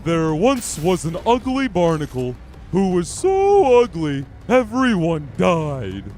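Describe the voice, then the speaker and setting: A man's voice: high-pitched, huge pitch swings, slow, a little mellow, exaggerated voice. Patrick, as a man does him. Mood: dopey. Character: dim, cheerful male cartoon starfish.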